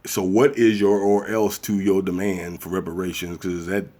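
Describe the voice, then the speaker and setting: In a dark, level voice at normal speed, a male commentary vlogger delivers a casual, ranting monologue. He's blunt and profane, and he mimics other people in high, mocking voices.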